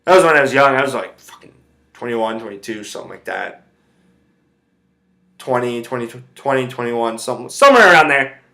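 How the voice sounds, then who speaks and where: Male podcast host, brash and profane, tense bright voice, loose rambling delivery. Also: medium pitch, expressive, a little fast, pauses often. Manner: rambling, heavy swearing. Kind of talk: casual storytelling rant.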